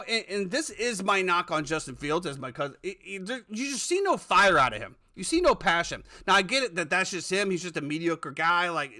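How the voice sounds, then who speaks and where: A man's voice: sits high, bright, forceful tone. A man hosting a casual sports talk podcast, ranting with plenty of profanity. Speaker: podcast host.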